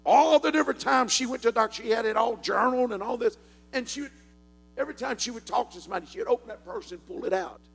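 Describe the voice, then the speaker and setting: An older Southern preacher with a high, gravelly voice that turns husky at the edges. He tells his sermon as a folksy story and works up to fervent shouts. The sound rings with a long hall echo. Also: fast.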